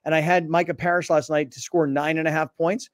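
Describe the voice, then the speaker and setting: Man, sports talk host, casual, joking, drawling, higher voice, dry close mic. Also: flat delivery, a little fast, no room sound.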